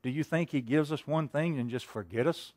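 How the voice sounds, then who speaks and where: A man's voice: a little high, brisk, no room sound. Folksy preacher man, dry sound. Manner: folksy storytelling preacher, rhetorical questions, swings between loud and hushed. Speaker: pastor. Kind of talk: sermon.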